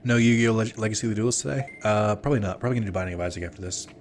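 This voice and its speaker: A man's voice: on the low side, rapid-fire, a little hiss or hum. A man from Minnesota giving casual, profane commentary on a video game he is playing while chatting with his viewers. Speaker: let's play streamer.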